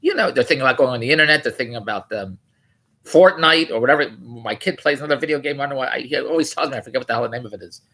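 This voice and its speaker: Talking very fast in a medium-pitched, pushed, bright voice, a male vlogger mocks a news article. His commentary rambles and digresses, full of self-corrections and open disbelief.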